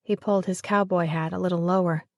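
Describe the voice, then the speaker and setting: A woman narrating a romance audiobook in an even, measured way. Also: lowish voice, no echo, clean studio sound. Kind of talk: scripted narration of a romance novel.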